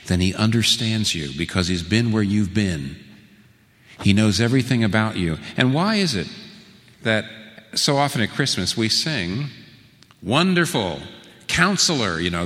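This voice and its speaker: A man preaching a sermon, asking rhetorical questions and slowing down for emphasis. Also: deep voice, in a large hall. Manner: rhetorical questions, slow emphatic phrasing, rising to lively peaks.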